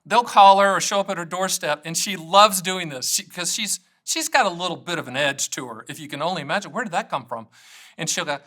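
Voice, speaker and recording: Middle-aged guy talking to camera about annuities, bright voice, jokey and rambly. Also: high voice, fairly quick. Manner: energetic, joking, digressive. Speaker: annuity agent. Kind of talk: casual direct-to-camera talk.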